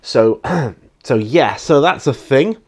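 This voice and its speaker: A man's voice: medium pitch, lively intonation, slow, a little mellow. A man hosting a hobby channel, chatting casually to camera in his home studio, rambling with restarts and fillers. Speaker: YouTube hobby channel host. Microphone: camera mic, speaking to camera.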